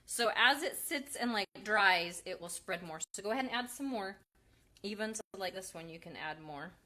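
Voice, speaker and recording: A woman's voice: medium pitch, lively intonation, normal speed, sharp tone. A woman hosting a casual craft live stream, chatting and reading out viewer comments.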